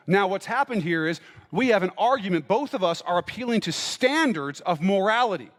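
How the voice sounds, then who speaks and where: A man's voice: sits high, animated, fairly quick, hardly any pauses, fairly bright tone, big-room sound. A male pastor giving a conversational sermon, checking in with his listeners and acting out both sides of an argument. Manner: conversational, checks in with "right?" and "okay?". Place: church.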